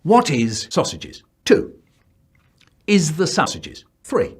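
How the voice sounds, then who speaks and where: A man's voice: on the high side, big pitch swings, slow, very noisy. A man putting on a stern scolding voice that reads out silly quiz questions. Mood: bossy.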